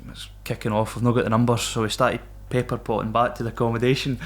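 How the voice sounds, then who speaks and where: Scottish ex-Marine guest, mid-pitched, rowdy storyteller who swears and laughs a lot. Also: male voice, little pitch movement, fast, faint music behind. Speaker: podcast guest, former Royal Marine. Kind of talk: casual storytelling.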